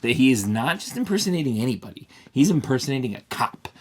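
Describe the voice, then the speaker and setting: A man co-hosting a casual podcast about a TV show, talking in an animated way and acting out scenes. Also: medium pitch, fast talker. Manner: animated, laughing, acts out scenes in quoted voices. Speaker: podcast co-host.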